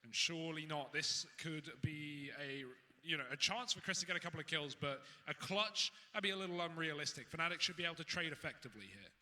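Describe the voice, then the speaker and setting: A man calling an esports match play-by-play, with quick excitable delivery. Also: fairly high pitch, in a large hall. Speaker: esports caster. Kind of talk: play-by-play commentary.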